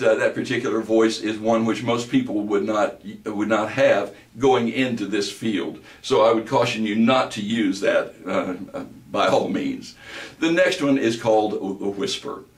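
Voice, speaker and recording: Male voice coach, deep bass, steady lecturing tone; distant mic in a reverberant room. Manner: explanatory, measured teaching delivery. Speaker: voice instructor. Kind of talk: recorded lecture with vocal demonstrations.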